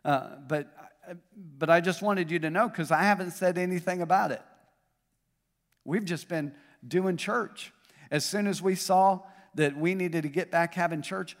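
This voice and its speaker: A man's voice: fairly high pitch, fairly even intonation, normal speed. Preaching Southern man in an echoing church hall. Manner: preaching with rising and falling intensity, joking with the congregation. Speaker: pastor. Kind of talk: sermon. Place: church auditorium. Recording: long hall reverb.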